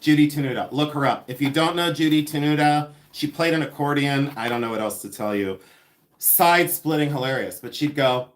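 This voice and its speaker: A man's voice: on the high side, a little fast. A man in his fifties from Ohio, hosting a rambling, chatty livestream and talking with viewers. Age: 50s. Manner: chatty and rambling, laughs often. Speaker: livestream host selling vintage jewelry. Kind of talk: casual live chat with viewers.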